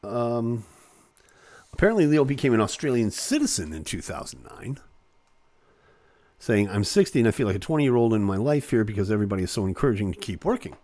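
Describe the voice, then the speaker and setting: A man's voice: on the low side, big pitch swings, fairly quick, darkish tone, dry recording. A man hosting a live online show, casually reading celebrity news aloud with playful jokes and asides.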